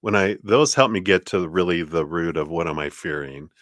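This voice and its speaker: A man's voice: low-pitched, normal speed, fairly bright tone, no echo, clean studio sound. A man hosting a casual live tarot reading, chatty and reassuring, who laughs often.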